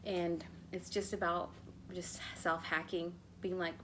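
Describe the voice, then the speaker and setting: A woman's voice: lowish voice, flat delivery, unhurried, fairly bright tone, a little hiss or hum. A young adult woman, a love coach, talking casually and bluntly to her viewers, swearing freely. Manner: blunt, swears freely, calls listeners bro. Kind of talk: casual vlog-style talk to viewers.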